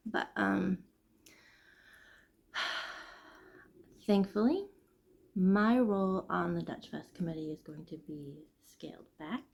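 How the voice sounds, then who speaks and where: A woman hosting a casual knitting vlog, chatting and venting in an animated, chatty way. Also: mid-range voice, gravelly. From Midwest United States. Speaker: knitting podcast host. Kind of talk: casual chat.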